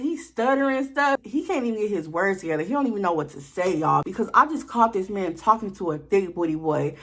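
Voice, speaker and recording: A woman's voice: medium pitch, fairly quick, few pauses. A young woman vlogger telling a personal story in a casual, blunt way, talking straight to her viewers. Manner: animated, blunt, addresses viewers directly.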